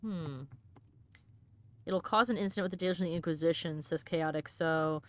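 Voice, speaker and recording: A woman's voice: low voice, moderate pace. A woman hosting a game let's play, chatting playfully, stumbling over fantasy names and reading in-game letters aloud.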